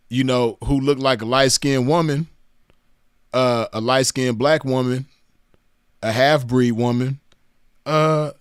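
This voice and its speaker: A man's voice: mid-range voice, clean tone, no echo, clean studio sound. A man mocking and roasting clips in profane reaction commentary, laughing often.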